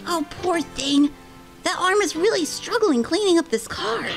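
A woman voicing game characters in a giggly, animated way during a group session. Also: extremely high pitch, unhurried. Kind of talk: playful voice acting over a game. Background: game music.

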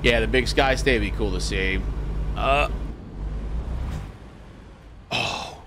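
A man's voice: mid-range voice, slow pace, background noise. A man hosting a casual gaming livestream, talking in a laid-back folksy trucker way and greeting his chatters. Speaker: livestream host.

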